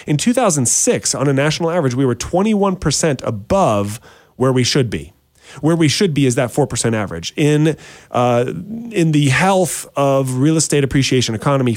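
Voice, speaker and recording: A man's voice: mid-range voice, a little mellow, no echo. Guy hosting a real estate show, chatty, keeps saying friends, stumbles and repeats words, mid voice, dry sound. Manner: chatty, addresses listeners as friends, repeats words while thinking. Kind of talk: casual talk-show explainer.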